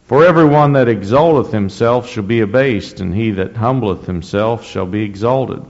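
Male preacher reading scripture with deliberate, rising emphasis, captured on a dull, muffled recording. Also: lowish voice. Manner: slow, deliberate reading with rising emphasis and frequent throat clearing. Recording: dull lo-fi recording in a reverberant hall.

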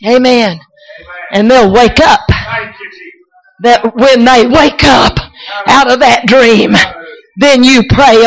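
A woman preacher, shouting and crying out in a sermon, then telling folksy stories with many restarts. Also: a little high, takes it slowly, pauses often, soft background music, poor audio. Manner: folksy storytelling with repeats and restarts. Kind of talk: sermon with personal testimony.

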